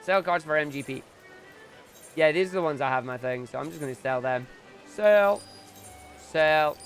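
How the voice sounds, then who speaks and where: Excitable high-voiced streamer guy. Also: moderate pace, faint music behind. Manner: excitable, loud bursts of squealing enthusiasm. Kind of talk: casual live-stream chat.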